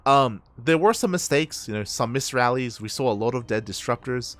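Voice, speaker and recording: Excitable male esports caster, lively pitch. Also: moderate pace, no room sound. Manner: excitable, laughs often, says "mate". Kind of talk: live game commentary.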